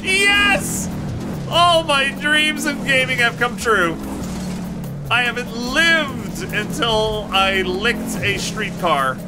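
A man streaming games live, reacting excitably with frequent laughter and shouted yelps at what happens on screen. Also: very high-pitched, takes it slowly, loud music behind the voice. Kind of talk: live gameplay commentary.

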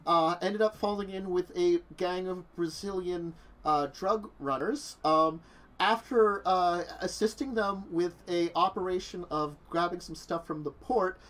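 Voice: mid-range voice, a little slow, fairly bright tone, natural voice. A player voicing Dawn, a rambling accidental crime lord. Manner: rambling, hesitant, full of fillers. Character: young woman PC stumbling into crime. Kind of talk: tabletop role-play in character.

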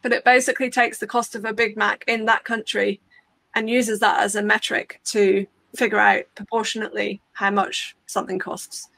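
A woman on a panel walking through practical steps in a clear, conversational way. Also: mid-range voice, little pitch movement, moderate pace, a bit bright, dry recording. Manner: clear, practical, step-by-step explaining. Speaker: open source community leader.

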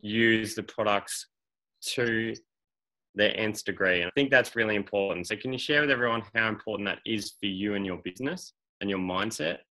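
Upbeat host, bright low voice. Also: male voice, normal speed, poor audio. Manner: upbeat, playful. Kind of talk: casual chat on a team video call.

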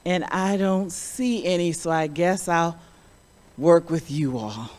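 A woman telling a children's story in a church service, in an animated, expressive way. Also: fairly low pitch, takes it slowly, a little hiss or hum.

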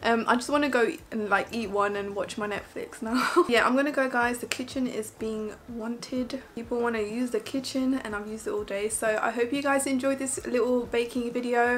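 A woman's voice: fairly high pitch, steady tone, normal speed, few pauses, slight background noise. A young woman chatting casually in a home kitchen as she shows and tastes her baking, upbeat and full of "like" and "um". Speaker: baking vlogger. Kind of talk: casual vlog chat.

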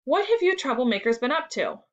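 Kindly old storybook grandfather, gently teasing, read by a woman teacher. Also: very high-pitched, sing-song, a little fast, highs cut off, pitched above the performer's own voice. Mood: cheery. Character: kindly elderly grandfather playing chess.

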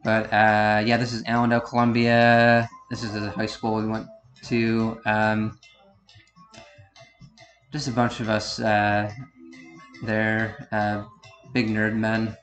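A man's voice: on the low side, monotone, a bit bright, reverberant, soft background music. A man in his thirties from upstate New York giving a rambling, self-correcting DVD-style commentary. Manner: meandering, self-correcting, unhurried. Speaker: video commentator.

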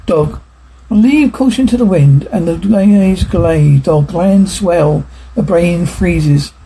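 A man's voice: high-pitched, slow, creaky, mellow, exaggerated voice. A man voicing a pompous, sarcastic, well-spoken male dog that lectures in formal words, reading from a film script. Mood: lecturing. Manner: condescending, lecturing, formal wording. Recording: noisy recording with clicks.

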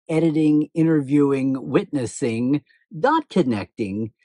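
A man hosting a casual commentary vlog, talking in an animated, playful and teasing way. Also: on the high side, no echo. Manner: animated, playful and teasing, chuckles between points. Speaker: host.

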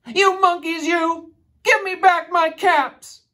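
A woman voicing an exasperated male cap peddler in a storybook read-aloud, shouting his scolds in a high, loud voice. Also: steady tone, slow, exaggerated voice. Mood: furious.

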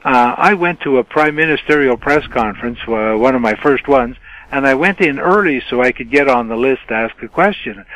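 An older man from Canada recalls his reporting days in a rambling, animated way, full of "uh" and "you know". His voice sits in a middle register. The sound is dry and close. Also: mid-range voice, dry recording, poor audio. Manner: animated anecdotes with many fillers, mimics his own shouted questions. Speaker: retired TV journalist, guest. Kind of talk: storytelling in a podcast interview. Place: home den.

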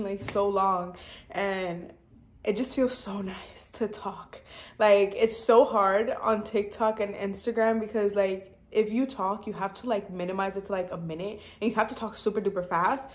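A woman in her twenties vlogs, chatting casually to camera in a warm, confiding way, talking fast. Her mid-range voice stays steady as she says "like" constantly and sidetracks from topic to topic.

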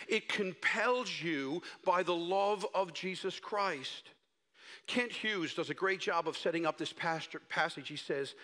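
Expressive, high-voiced preacher man. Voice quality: dramatic, expressive. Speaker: pastor. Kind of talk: sermon. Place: church sanctuary. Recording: echoey church hall.

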